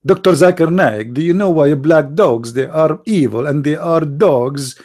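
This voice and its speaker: A man hosting his channel in polemical talk, slow, emphatic and scornful. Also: on the high side, a little mellow. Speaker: channel host.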